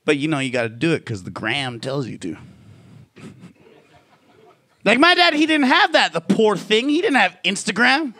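A man's voice: on the high side, very animated, brisk, hardly any pauses, pushed and bright. A man doing a stand-up comedy routine in a casual, profane style, full of "like" fillers.

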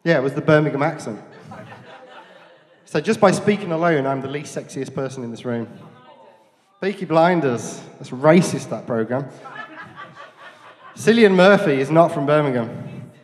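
A man in his forties from Dudley, England, with a Black Country accent, does a self-deprecating stand-up set at a comedy club and chats with the crowd between jokes. His voice is a little high and animated, at a moderate pace with long pauses. A handheld mic picks him up with a big-room sound.

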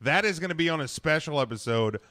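A man hosts a casual studio chat, his voice sitting a little high for a man. He talks in a hurried rush, like an auctioneer pushing plugs. His delivery is loose and conversational. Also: animated, sharp tone. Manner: fast, hurried, plugging shares. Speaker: podcast host.

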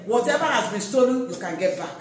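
A pastor preaching a sermon, swinging between loud exhortation and quiet asides. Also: mid-range voice, lively intonation, a little fast, a little hiss or hum. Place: large echoey church hall. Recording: echoey church hall from far off.

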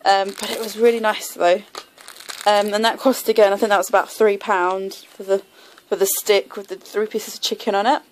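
A woman's voice: mid-range voice, flat delivery, normal speed, a little hiss or hum, poor audio. A young woman in her twenties talks through her haul in a loose, rambling way. She fills her sentences with plenty of ums and likes. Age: 20s. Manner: chatty and rambling, many fillers like um and like. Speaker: vlogger. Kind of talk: casual haul video.

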